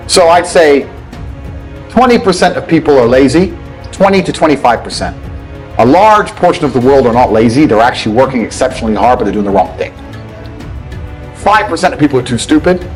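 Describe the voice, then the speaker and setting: Blunt, lively man ranting. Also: on the high side, brisk, low-quality recording. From England. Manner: blunt, profane, lecturing, mocking impressions of others. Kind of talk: motivational rant. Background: faint background music.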